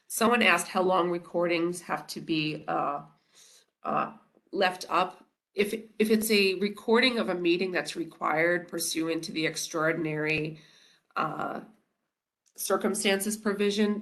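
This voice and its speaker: A woman with a raspy voice and a stuffy nose from a cold, explaining open meetings rules in an online information session. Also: lowish voice, fairly bright tone. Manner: procedural, explanatory, with frequent uh and restarts. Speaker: government presenter on open meetings law.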